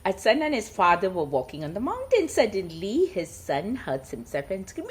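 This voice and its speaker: A woman's voice: medium pitch, wildly swooping pitch, moderate pace, hardly any pauses. A woman, chatting casually and telling stories, laughing often. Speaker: storyteller. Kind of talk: casual chat and story reading.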